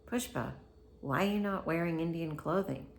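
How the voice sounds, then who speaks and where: Prying older Indian woman, reproachful, as a woman reads her in a deep, creaky tone, story read aloud. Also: moderate pace, slight background noise. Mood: probing.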